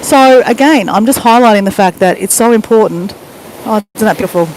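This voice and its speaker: A woman's voice: medium pitch, a little fast, darkish tone. A woman with an Australian accent chatting casually to a live-stream audience as she walks along a beach. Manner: chatty, talking while walking on a beach. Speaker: vlogger. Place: beach at high tide, outdoors. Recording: noisy outdoor phone audio. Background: wind and surf.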